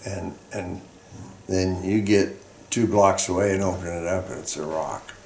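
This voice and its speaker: Old guy from colorado, deep gravelly voice, rambles slow with lots of ums, echoey room. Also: steady tone. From Colorado, United States. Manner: halting, rambling reminiscing with fillers. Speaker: veteran interviewee. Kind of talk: oral history storytelling.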